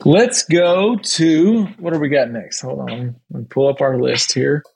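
A man hosts a casual sports talk podcast. His voice sits a bit high for a man. He moves the talk along in a quick, easygoing way. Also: vocal fry, darkish tone, rough recording. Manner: quick, conversational, runs the segment. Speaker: podcast host.

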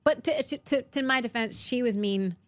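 A woman's voice: a little high, moderate pace, a little hiss or hum. A woman in her thirties, a guest in casual chat, telling stories animatedly with many restarts. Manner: animated storytelling, frequent restarts.

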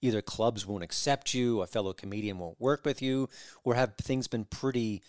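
A man hosts a casual podcast interview, framing his questions in a measured, thoughtful way. His pitch is average and steady. The recording is dry and close, with no room echo.

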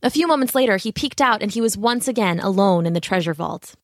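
A woman's voice: mid-range voice, fast talker, no echo, studio quality. Woman narrating a storybook tale. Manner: clear, steady retelling with asides to the listener.

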